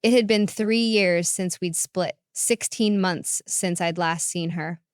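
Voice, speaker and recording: A woman narrating a first-person story in a calm, reflective way. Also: fairly low pitch, slow, dry recording, clean studio sound.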